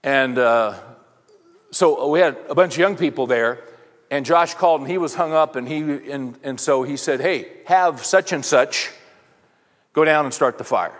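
Speaking at medium pitch and normal speed, a middle-aged man gives a conversational sermon to a men's audience. He tells wandering anecdotes and poses rhetorical questions to the crowd, and the hall around him is full of reverb.

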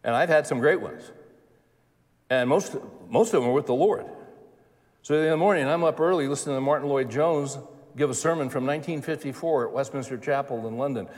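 A man's voice: mid-range voice, fairly quick, a little mellow, long reverb tail. A man in his seventies preaching a sermon in a folksy, conversational way, repeating phrases for emphasis. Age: 70s.

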